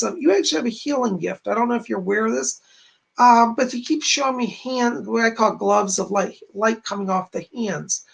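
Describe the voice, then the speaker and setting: With a high, slightly bright voice full of vocal fry, a man streams psychic medium readings from home to camera on a rough recording. Earnest, chatty, and reassuring, he keeps relaying what "she said."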